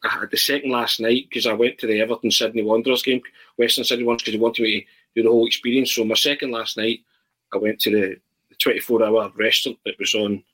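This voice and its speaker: A man tells anecdotes in a lively, tumbling way, circling back and restarting his sentences. His voice is husky and pushes forward with a bright, forceful edge. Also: on the low side, fast, low-quality recording. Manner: animated storyteller, frequent restarts. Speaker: guest. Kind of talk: casual chat.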